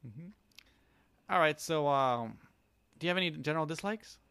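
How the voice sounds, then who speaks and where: A man's voice: fairly high pitch, animated, normal speed, gravelly, fairly bright tone, clean tone, no room sound. A man co-hosting a casual anime review chat, rambling with many fillers and laughing easily. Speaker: podcast co-host.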